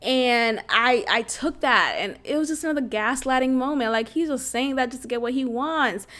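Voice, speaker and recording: A woman's voice: high-pitched, moderate pace, a bit bright. A young woman hosting a podcast, telling a personal story in a blunt, casual way with slang and frequent laughter. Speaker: podcast host.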